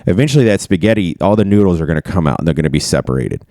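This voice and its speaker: A man's voice: sits low, expressive, very fast, mellow, no echo, clean studio sound. A man talking candidly and ramblingly in a casual podcast chat, swearing now and then. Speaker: podcast host.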